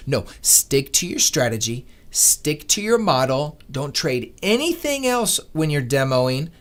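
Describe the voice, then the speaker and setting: A man hosting a live trading stream, talking to viewers in an earnest, animated, motivational way. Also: on the high side, measured pace, few pauses. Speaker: day-trading livestream host. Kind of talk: casual livestream talk.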